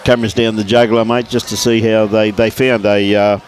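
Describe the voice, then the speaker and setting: Chatty man, low voice. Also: little pitch movement, fairly quick, slight background noise. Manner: chatty, laid-back, calls people mate and buddy. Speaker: bowls commentator. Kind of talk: casual livestream commentary. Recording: outdoors at a bowls green.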